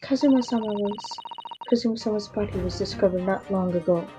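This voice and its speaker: A man in falsetto as an earnest young woman. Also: brisk, lightly acted. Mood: urgent. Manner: high falsetto, shrill, emphatic. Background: game music.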